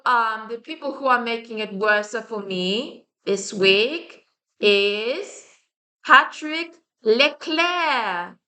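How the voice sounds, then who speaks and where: A woman ranting straight to camera in an agitated vlog. She swears often and trips over restarts as she goes. Her voice sits a little high and has a sharp, bright edge. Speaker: vlogger. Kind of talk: heated monologue to camera.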